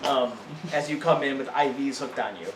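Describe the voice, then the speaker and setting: A man narrating as game master in a casual, halting way. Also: medium pitch, slight background noise. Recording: echoey room, mic at a distance.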